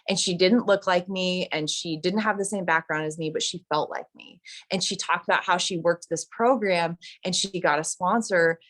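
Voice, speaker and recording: A woman's voice: fairly low pitch, a bit bright. Candid woman telling her recovery story. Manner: candid, confessional, fillers and restarts, quoted voices. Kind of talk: personal storytelling.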